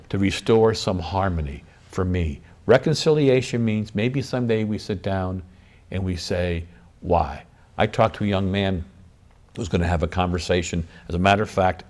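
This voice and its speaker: A priest speaking as a guest on a talk show, in a very low voice. He talks earnestly and with a preacher's rhythm, stacking up repeated phrases for emphasis. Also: a little mellow. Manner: earnest, preacherly, builds emphasis through repetition. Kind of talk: interview talk about forgiveness.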